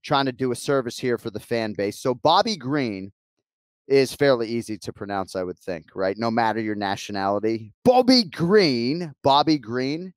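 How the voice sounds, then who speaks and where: A man's voice: fairly low pitch, moderate pace, smooth, no echo. Dry-voiced easygoing man hosting a podcast. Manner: laughing, easygoing, profane. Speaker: podcast host. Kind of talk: casual sports podcast chat.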